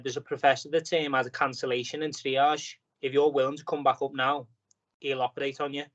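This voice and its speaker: A man in a casual podcast interview, retelling events in a rambling way full of "like" and restarts. His voice is mid-pitched. The audio is dull and lo-fi. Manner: rambling storytelling with many fillers. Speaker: boxer guest.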